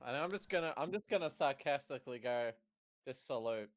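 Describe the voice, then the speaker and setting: A man's voice: on the high side, expressive, quick pace, a little hiss or hum. A man playing a tabletop game, wry and hesitant, with some fillers. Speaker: player. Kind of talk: tabletop game play, casual chat.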